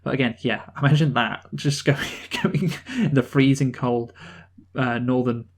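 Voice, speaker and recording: A man's voice: mid-range voice, unhurried. A man co-hosting a casual film review podcast, reading out trivia and trading dry, sarcastic banter. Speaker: podcast co-host reviewing films. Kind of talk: casual chat.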